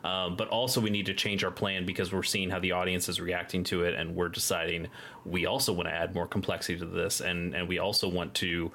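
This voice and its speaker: Low-voiced man chatting on a podcast. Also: little pitch movement, brisk, bright, forceful tone. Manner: rambling, many restarts and fillers. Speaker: podcast co-host. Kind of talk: casual chat.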